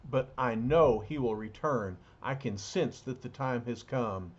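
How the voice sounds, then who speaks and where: A man's voice: mid-range voice, measured pace, lightly acted. A man voicing a proud young male warrior prince from a comic book, speaking in formal, solemn declarations. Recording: dull lo-fi recording.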